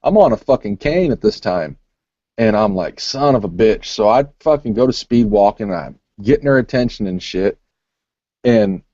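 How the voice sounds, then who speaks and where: A man's voice: lowish voice, dark tone, no room sound. A man rambling through a long, crude story in casual chat, swearing constantly. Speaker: podcast co-host. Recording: muffled lo-fi recording.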